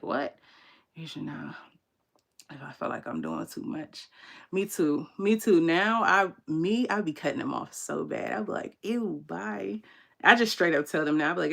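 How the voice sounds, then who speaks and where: Low gravelly-voiced young woman chatting candidly. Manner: candid, animated storytelling with slang and laughter. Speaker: tarot reader and channel host. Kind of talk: casual livestream chat to viewers.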